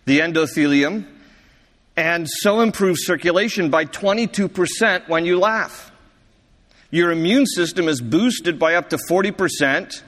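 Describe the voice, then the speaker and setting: High-voiced pastor in a reverberant hall. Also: male voice, fairly bright tone. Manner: chatty storytelling, quick to laugh. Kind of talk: sermon.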